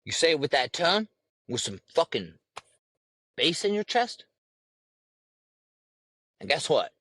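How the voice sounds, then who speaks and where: A man's voice: on the high side, sing-song, slow, pushed and bright, no echo. A man hosting a podcast, delivering a heated, profane monologue and lecturing his listeners. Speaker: podcast host.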